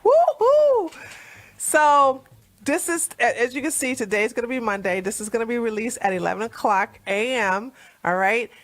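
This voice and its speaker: A woman hosting a live stream, chatting casually with listeners, laughing and clearing her throat as her voice cracks. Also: on the high side, fairly quick, fairly bright tone. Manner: chatty, laughing, many fillers and restarts. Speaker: host.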